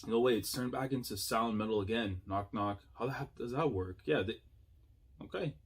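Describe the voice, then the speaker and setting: A man giving casual, excitable reaction commentary as a YouTuber, thinking aloud with slang and frequent laughs. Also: fairly low pitch, normal speed.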